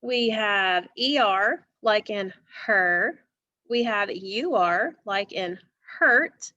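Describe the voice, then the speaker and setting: Slow, patient woman teacher. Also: medium pitch, animated, bright, forceful tone, dull audio. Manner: slow, patient, asks the class questions. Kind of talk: classroom phonics lesson.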